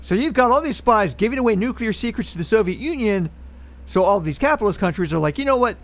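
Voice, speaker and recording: A man's voice: sits high, animated, fast talker. A man co-hosting a podcast, reading out a history segment in casual chat and adding wry political asides. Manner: reads historical facts, then adds wry political asides.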